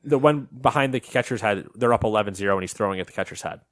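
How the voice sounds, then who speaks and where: A man co-hosting a casual podcast chat, telling a story in an animated way and acting out what people said. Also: fairly low pitch, fast, no room sound, clean studio sound. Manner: animated storytelling, acts out quotes. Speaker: podcast co-host.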